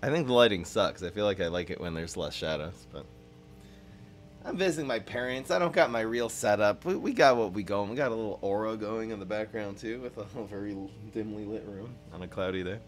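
A young man giving casual, excitable gameplay commentary and teasing banter to his viewers. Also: fairly low pitch, a little fast, faint music behind. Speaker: streamer. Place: dim room at his parents' home.

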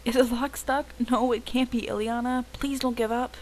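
A woman's voice: a little high, steady tone, moderate pace, a little mellow, a little hiss or hum, voice pushed up, close to an everyday voice. Woman doing a stuck young woman begging to be let out, urgent and pleading.

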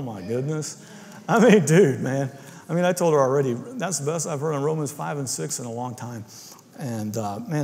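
A man's voice: mid-range voice, a little mellow, long reverb tail. A man preaching a casual, conversational sermon in a church, often tagging his points with "right?". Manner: informal, keeps asking "right?". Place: church sanctuary.

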